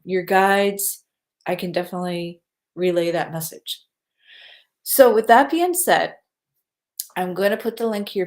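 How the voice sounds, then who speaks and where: A woman working as a psychic medium, chatting casually on a livestream and repeating her reminders. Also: lowish voice.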